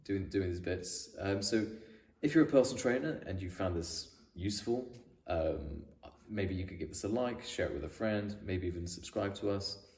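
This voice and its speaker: A man's voice: low voice, moderate pace, darkish tone. Rambling man, roomy and distant. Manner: rambling, many repeated words and restarts. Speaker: fitness business coach. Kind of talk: talking to camera, advice video. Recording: echoey room, voice from a distance.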